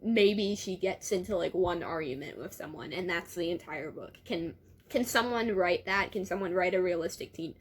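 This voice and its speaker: A woman's voice: on the low side, moderate pace, slightly rough. A young woman who reads a teen novel aloud and breaks off often into chatty, amused asides. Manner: chatty, amused, laughs often and interrupts her own reading. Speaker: book reviewer. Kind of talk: casual reading and commentary.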